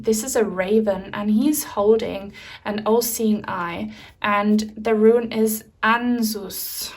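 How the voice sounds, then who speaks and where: A young woman from Germany giving an enthusiastic, chatty tarot card reading to her viewers. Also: mid-range voice. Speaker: tarot reader.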